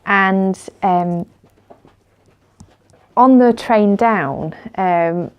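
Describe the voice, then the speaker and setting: A woman's voice: mid-range voice, extremely slow, clean tone, lo-fi sound. A woman chatting casually in a vlog, telling a story with lots of laughs and fillers. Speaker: vlogger.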